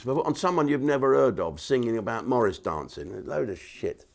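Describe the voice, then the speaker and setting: A man's voice: on the low side, expressive, moderate pace, gravelly, hardly any pauses. A man, delivering a blunt, crude comedic rant to camera. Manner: blunt, crude and jokey, with asides and restarts.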